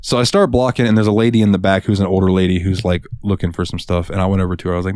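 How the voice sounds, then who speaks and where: A man co-hosting a podcast, telling a work story in an animated, profane, casual way. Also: sits low, very fast, no echo, clean studio sound. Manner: animated, profane, swings into voices. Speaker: podcast co-host.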